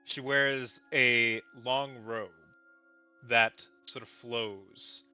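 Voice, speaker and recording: Male game master with a bright tone and relaxed, laid-back narration on a slightly lo-fi recording. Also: medium pitch, drawn-out words, clear, resonant tone, soft background music. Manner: relaxed, laughs easily, loose descriptive narration. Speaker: dungeon master.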